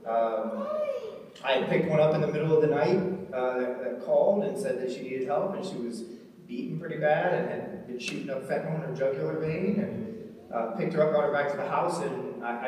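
A man's voice: mid-range voice, a little mellow. A man from Ohio telling his testimony in a sermon, earnest and storytelling, with frequent ums and "right?" tags. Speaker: preacher and recovery ministry leader. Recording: echoey hall from far off, faint noise.

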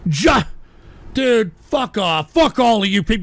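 A man hosting a live radio show, shouting profane, exasperated outbursts at his listeners. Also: sits high, very animated, unhurried, gravelly, no room sound. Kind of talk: live call-in radio rant.

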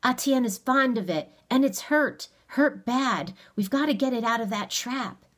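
A woman's voice: fairly high pitch, expressive, a little slow, fairly bright tone, pitched above the performer's own voice. A woman voicing a desperate, stubborn young teenage boy who speaks urgently, pleading and then commanding, in a storybook reading.

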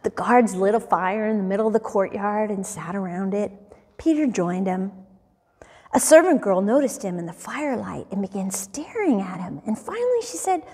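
A woman teaching a Bible study class, reading scripture aloud and bringing the dialogue to life with an expressive delivery. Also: medium pitch, moderate pace, husky, big-room sound.

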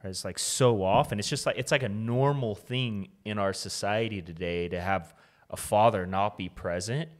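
A man with a fairly low voice co-hosts a podcast. He speaks earnestly and affirmingly, building on what his guest says. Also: normal speed. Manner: earnest, affirming, asks follow-up questions. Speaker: podcast co-host. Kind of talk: casual conversation.

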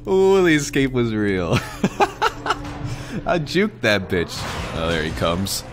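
A young man giving excitable let's play commentary as a gaming streamer, swearing freely and reacting loudly to the game. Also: mid-range voice, extremely slow, music in the background.

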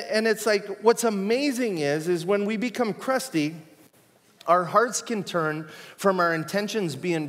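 A male pastor gives a sermon in a relaxed, joking, conversational manner, full of asides and fillers. His voice sits a little high for a man. Long reverb from the church hall trails behind his words.

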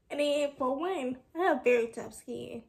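Young woman, high voice, casual vlog, frustrated, rambling venting. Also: gravelly. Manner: frustrated, candid, rambling with restarts. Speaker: vlogger.

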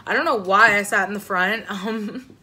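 Bright-voiced young woman telling a story. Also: moderate pace. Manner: rambling, swears freely, many likes and ums; jumps to a shrill, loud pitch when quoting herself. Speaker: vlogger telling a personal story. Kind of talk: casual storytime monologue.

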